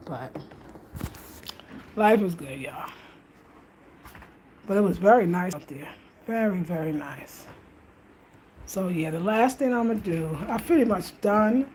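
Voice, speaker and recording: A woman's voice: mid-range voice, expressive, unhurried, pauses often, darkish tone, a little hiss or hum. A chatty woman vlogging at home, laughing often and talking in a casual, slangy way. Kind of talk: casual chat to camera. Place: outdoors at night on a country road, then indoors at home.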